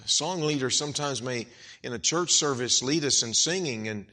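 A middle-aged man preaching a dramatic sermon, acting out the voices of the people he quotes and building to loud, emphatic peaks. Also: mid-range voice, normal speed. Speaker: pastor.

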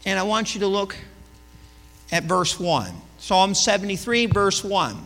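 A man preaching a sermon in a church, his voice pitched very high and edged with a piercing brightness. He tells stories in a chatty way, dropping to near-murmurs and then rising to loud, emphatic lines. The recording carries a long hall reverb under a steady electrical hum. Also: unhurried, gravelly. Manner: storytelling, swings between hushed and loud emphatic delivery. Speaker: pastor. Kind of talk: conversational sermon.

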